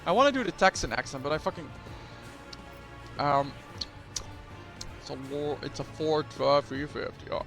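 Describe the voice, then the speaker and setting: A man's voice: on the high side, expressive, normal speed, pauses often, fairly bright tone, faint music behind. Rambling, swearing male game streamer. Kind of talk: casual game playthrough commentary.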